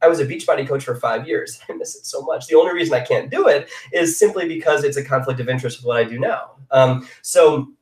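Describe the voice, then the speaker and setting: A man's voice: medium pitch, quick pace, hardly any pauses. A young man from the Chicago area sharing a personal story in an earnest, confessional, emphatic way, as a motivational speaker on a live online hangout. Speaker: motivational speaker, former fitness coach. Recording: roomy sound from a distant mic.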